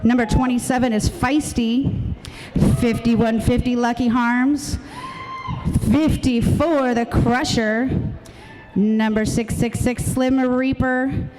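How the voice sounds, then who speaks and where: A woman's voice: a little high, fairly even intonation, slow, noisy background. A woman announcing a roller derby bout, giving live commentary and reading out the roster.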